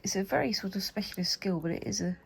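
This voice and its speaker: Talking fast with vocal fry, a British woman with a cold chats and rambles to herself as she demonstrates a craft for her vlog. Her voice is mid-range and slightly rough, and the recording is low quality.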